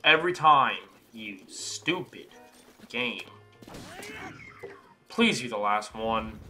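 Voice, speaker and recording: A man's voice: mid-range voice, expressive, takes it slowly, long pauses, sharp tone, faint music behind. Swearing young man ranting over gameplay. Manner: swearing, exasperated ranting at the game. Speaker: gaming YouTuber. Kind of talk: casual let's-play commentary.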